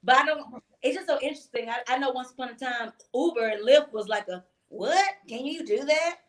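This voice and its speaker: High-voiced, chatty woman. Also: fairly quick. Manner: animated, chatty storyteller who laughs often. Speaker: podcast co-host. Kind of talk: casual chat, storytelling.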